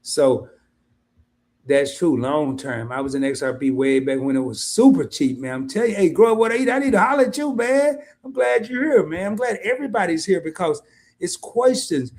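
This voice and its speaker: Male livestream host, fairly high and very animated voice, loose chatty delivery to his viewers. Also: moderate pace. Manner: animated, colloquial, addresses viewers as y'all; mimics worried investors in high voice. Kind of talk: casual livestream chat.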